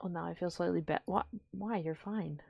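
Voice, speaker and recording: A young woman streaming from home, chatting casually to her viewers and often trailing off into low mumbled asides. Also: fairly even intonation, fairly quick, gravelly, slightly rough, no room sound, lo-fi sound. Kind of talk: casual live-stream chat.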